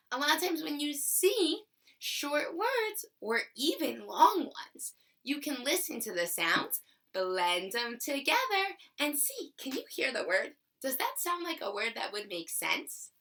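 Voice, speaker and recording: A woman teaching young children in a remote class, speaking in a slow, sing-song, encouraging way and stretching out sounds. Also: fairly high pitch, sharp tone. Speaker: kindergarten teacher.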